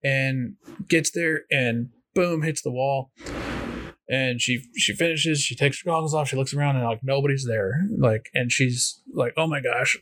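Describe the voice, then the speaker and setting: A man telling a motivational story in a halting way, with many fillers and restarts. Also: medium pitch, a bit bright.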